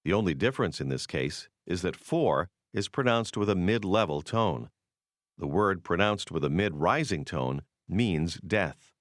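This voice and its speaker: Deep-voiced man narrating a language course. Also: animated, no echo, clean studio sound. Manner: measured, explanatory delivery.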